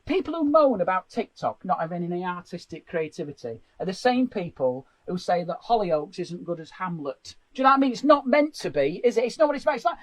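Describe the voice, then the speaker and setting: A man hosting casual comedy chat from his shed, joking quickly and laughing through his lines. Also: sits high, very animated, dry recording, rough recording. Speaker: comedian host. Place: home garden shed.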